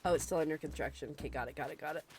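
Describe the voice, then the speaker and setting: A woman's voice: low voice, rapid-fire, a little mellow. A young woman with the hiccups, chatting casually and laughing often while streaming a video game. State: has the hiccups. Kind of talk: casual gameplay chat.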